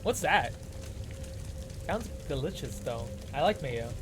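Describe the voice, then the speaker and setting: A man's voice: mid-range voice, sing-song, takes it slowly. A man casually commenting on his gameplay, playful and laughing often as he reads the story aloud. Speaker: streamer. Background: faint background music.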